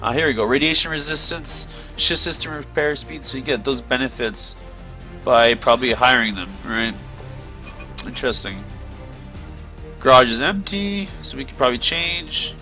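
A man's voice: medium pitch, normal speed, bright, forceful tone, soft background music. A tired man giving casual commentary while exploring a game, thinking aloud with many ums and hedges. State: yawning, tired. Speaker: gameplay video creator.

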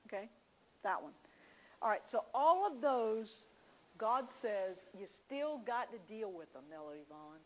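A woman's voice: on the high side, lively intonation, a little slow, poor audio. A woman teaching a church class, telling homey stories with confiding asides. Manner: folksy storytelling, confiding asides.

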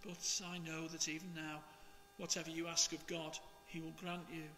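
A man, a priest, reading the Gospel and preaching in a slow, measured, expressive way. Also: on the high side, long reverb tail, slight background noise.

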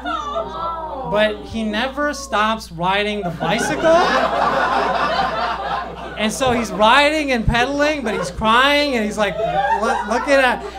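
A man's voice: very high-pitched, very animated, slow, pauses often, very noisy. A young man doing a rambling, self-deprecating stand-up set on a comedy club stage, with plenty of fillers and restarts.

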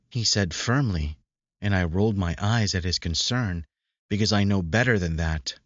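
A man narrating a romance audiobook in a steady, measured reading, telling the story in a woman's first person. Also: low voice, dry recording. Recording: dry dull lo-fi recording.

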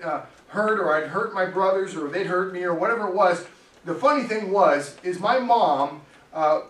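A man's voice: high-pitched, fairly bright tone. A middle-aged man, a pastor, preaching a sermon in a chatty, storytelling way with frequent laughs, in a church sanctuary. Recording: echoey church hall, distant mic, faint noise.

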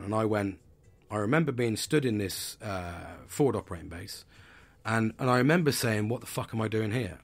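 A man's voice: mid-range voice, slightly rough. A man in his thirties hosting a podcast, talking candidly and bluntly about stress, swearing and restarting his sentences. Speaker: podcast host. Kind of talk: candid personal talk on mental health.

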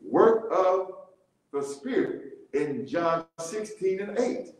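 A man with a high, lively voice leads a church Bible study, speaking slowly and drawing out his points. He repeats key words and often breaks into laughter. The sound rings with heavy echo from the church room. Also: slight background noise.

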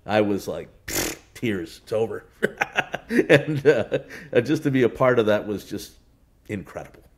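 A man, a horse racing announcer, telling stories in a relaxed interview, with many restarts and fillers. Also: on the low side, normal speed. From United States. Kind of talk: casual interview talk.

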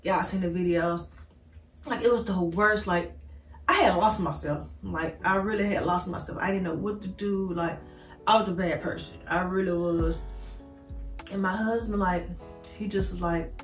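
A woman's voice: on the low side, normal speed, roomy sound, distant mic, soft background music. A woman vlogger telling an emotional storytime, candid and rambling, speaking straight to her viewers. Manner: talks straight to viewers as "y'all".

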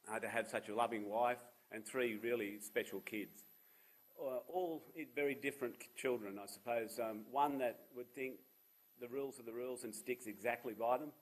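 Over poor audio, a medium-pitched Australian man in his fifties gives a seminar talk. He founded a charity, and he shares personal anecdotes with a humorous, self-deprecating touch.

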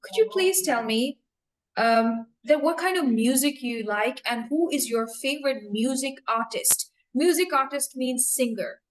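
An English teacher acting as examiner runs a mock speaking test, her high voice animated and unhurried. She asks questions patiently, repeats and spells them out, and laughs often. The recording is low quality.

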